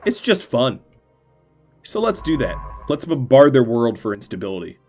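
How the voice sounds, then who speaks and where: A man's voice: mid-range voice, sing-song, normal speed, darkish tone. A man streaming a strategy game, giving casual, playful gameplay commentary in a gleefully mock-villainous way. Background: faint game music.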